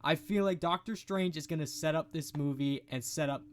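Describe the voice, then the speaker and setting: A young man co-hosting a casual podcast chat, relaxed and a bit hesitant as he talks. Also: on the high side, normal speed, slight background noise. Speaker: podcast co-host.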